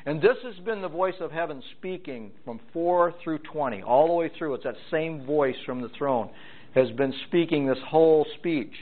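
A man preaching and teaching through scripture verse by verse, his voice sitting a little higher than most men's. He hits each word in a list with its own stress, rising and falling as he goes. The sound is thin and tinny, like a phone line. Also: normal speed. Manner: emphatic, lists items with rising and falling stress. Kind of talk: verse-by-verse Bible teaching sermon.

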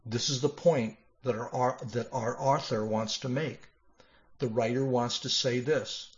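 A man preaching a sermon, reading scripture passages aloud with expressive emphasis and closing in a quiet prayer. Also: medium pitch, a little slow, lo-fi sound. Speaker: pastor.

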